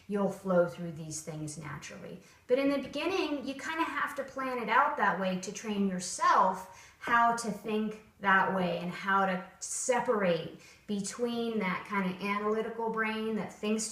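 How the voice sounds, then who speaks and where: Expressive woman dog trainer, roomy distant sound. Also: mid-range voice. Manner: expressive, acts out upbeat and flat tones as examples. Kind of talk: casual instructional talk.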